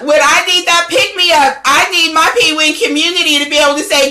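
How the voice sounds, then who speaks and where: A woman's voice: high-pitched, fairly even intonation, a little fast, few pauses, sharp tone. A middle-aged woman, a network founder and coach, giving a fervent, preachy livestream pep talk that repeats its phrases. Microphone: phone or webcam livestream.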